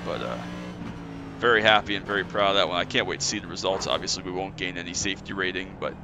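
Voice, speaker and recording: Talking fast in a low, gravelly voice over a noisy background, this sim racer narrates his own race casually and slightly breathlessly, heavy on fillers and self-corrections.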